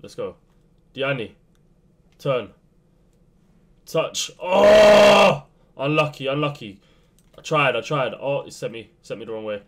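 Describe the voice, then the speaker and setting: A young man commentating his own football video game match, swinging between low muttering and sudden shouts. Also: slow, long pauses. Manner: excitable, swings from muttering to yelling. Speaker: gaming youtuber. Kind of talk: live gameplay commentary.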